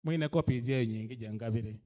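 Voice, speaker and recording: Speaking to an audience of cultural leaders at a leadership orientation, this Ugandan-accented male guest speaker has a mid-range, warm voice and a quick pace. He talks emphatically, poses rhetorical questions to the room, and switches between English and a local language.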